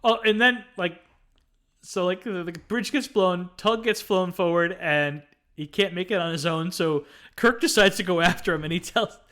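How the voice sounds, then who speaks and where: Bright-voiced man co-hosting a film podcast. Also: sits high, normal speed. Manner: retells scenes with frequent fillers. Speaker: podcast co-host. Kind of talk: casual film review chat.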